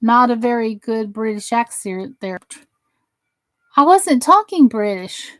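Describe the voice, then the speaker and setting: A woman with a Southern American accent talks casually as she works on a craft project. She rambles a little and answers viewer comments as they come in. Her voice sits a touch higher than most. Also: very animated, takes it slowly, a bit bright, no room sound, low-quality recording. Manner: chatty, rambling, reads chat aloud while working. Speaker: crafting channel host. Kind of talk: casual craft demo and live chat.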